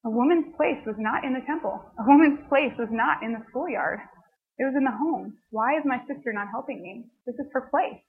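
Husky woman giving a casual Bible talk. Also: a little high, brisk. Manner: conversational, frequent "like" asides. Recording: band-limited phone-like sound.

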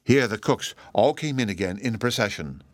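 A man narrating a story in a measured audiobook reading. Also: dry recording. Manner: measured storytelling with lively pitch.

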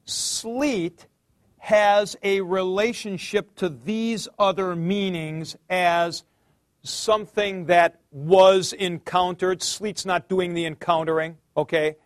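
A male teacher with a high voice gives a classroom lecture at an unhurried pace. He explains patiently, calls on students by name and thinks aloud as he works through a point. The sound is dry and close, with no room echo. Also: fairly even intonation. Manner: thinks aloud with fillers and restarts.

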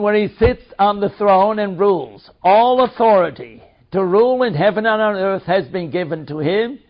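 A man reading a study text aloud in a measured, deliberate way. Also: sits high. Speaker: reader. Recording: dull lo-fi recording.

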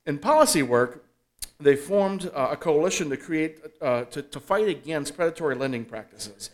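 A man's voice: fairly high pitch, expressive, normal speed. A man hosting an event, reading a prepared introduction of the keynote speaker, with a few hesitant fillers.

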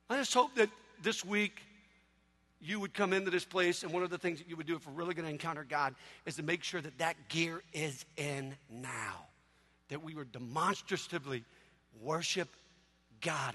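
A man preaching a sermon in a church, telling humorous stories with animated delivery. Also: a little high, normal speed, long reverb tail.

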